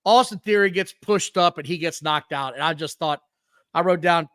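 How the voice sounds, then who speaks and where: A man's voice: on the high side, normal speed, no room sound, poor audio. A man co-hosting a casual wrestling podcast, blunt and profane, telling match stories with lots of energy. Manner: profane, blunt, animated storytelling. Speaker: podcast co-host.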